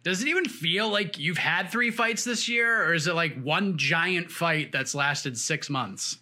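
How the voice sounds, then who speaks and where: A man hosting a sports interview show, energetic and full of hype. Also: a little high, a little slow. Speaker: host.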